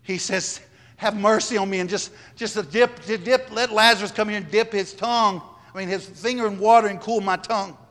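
Guy preaching, high voice, pushes hard and repeats himself, big echoey hall. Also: fairly even intonation, fairly quick, a bit bright. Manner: emphatic, repeats phrases. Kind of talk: sermon.

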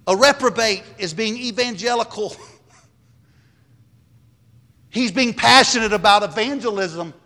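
A man delivers a sermon with a high-pitched voice, pressing each point and circling back on his phrases. His words ring out with the long reverb of a large hall. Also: takes it slowly, pauses often, sharp tone. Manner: emphatic, repeats phrases. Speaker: preacher.

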